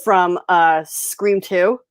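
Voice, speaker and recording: A woman hosting a livestream, chatting casually in a blunt, animated way and laughing often. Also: lowish voice, very slow, smooth, no room sound. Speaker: host. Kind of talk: casual chat. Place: home, on a livestream.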